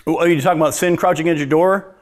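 A man preaching with a notably high-pitched voice. He tells lively stories, chuckles at his own jokes, and answers audience questions in a conversational way. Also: quick pace. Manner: animated, storytelling, laughs at own jokes. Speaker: pastor.

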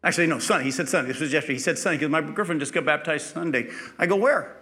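A man's voice: a little high, rapid-fire, sharp tone. A man preaching a sermon, telling a personal story in a conversational way, acting out the dialogue, then building to emphatic preaching.

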